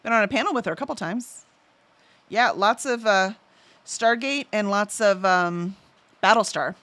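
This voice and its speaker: A woman hosts a casual livestream, chatting and reading out viewer messages, easily sidetracked and full of fillers. Her mid-range voice is a bit bright and moves at a moderate pace, with no echo.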